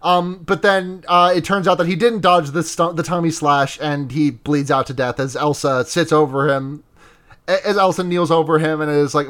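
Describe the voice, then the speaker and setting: A man with a voice a touch higher than most recaps an episode for his podcast co-hosts. He rambles and circles back, leaning on fillers and casual swearing as he goes. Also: steady tone, moderate pace, fairly bright tone. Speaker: podcast co-host.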